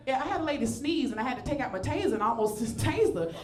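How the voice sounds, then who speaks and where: Animated high-pitched Southern woman comic. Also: quick pace. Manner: animated, self-mocking, playful asides to the crowd. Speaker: stand-up comedian. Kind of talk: stand-up comedy set. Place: comedy club stage. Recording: echoey club with audience laughter.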